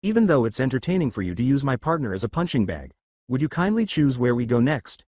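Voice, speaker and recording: A man's voice: mid-range voice, sing-song, fast, a little mellow. A man voicing a cheeky male servant who lectures and mocks his immortal master in a fan story reading. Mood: scolding. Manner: mocking, scolding.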